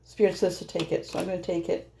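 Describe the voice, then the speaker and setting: A woman's voice: fairly low pitch, flat delivery, fast talker, vocal fry, mellow, a little hiss or hum. A woman doing a casual, rambling tarot reading, chatty and laughing often. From Norwegian heritage. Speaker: tarot reader.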